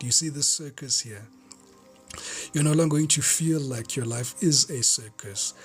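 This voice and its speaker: A man gives a collective tarot reading in a fervent, repetitive way. His voice is mid-pitched, and he often drops to a hushed whisper. Faint music plays behind him. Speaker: tarot reader.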